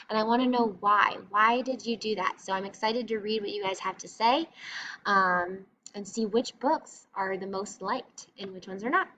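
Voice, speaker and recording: A woman's voice: medium pitch, bright, forceful tone. A woman teacher giving a recorded lesson, patiently explaining step by step in an encouraging way. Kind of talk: recorded classroom reading lesson. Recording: slightly dull lo-fi recording with faint noise.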